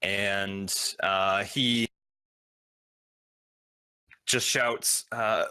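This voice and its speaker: A man's voice: fairly low pitch, sharp tone, no room sound. A man running a tabletop game as game master, narrating with many ums and uhs. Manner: halting, filled with ums and uhs.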